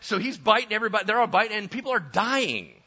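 A man preaching a lively sermon, conversational and full of rhetorical questions. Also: sits high, fast, slightly rough. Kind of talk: animated sermon with acted-out voices. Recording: dull lo-fi sound.

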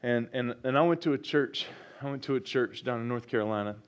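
A man's voice: medium pitch, fairly quick, clear, resonant tone. A male pastor preaching a sermon, reading scripture and repeating key phrases with rising enthusiasm. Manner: preaching with rising excitement and repetition.

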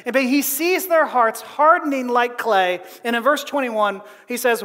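A man preaching a conversational sermon as a pastor, animated and often laughing between phrases. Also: extremely high pitch, a little slow, in a large hall.

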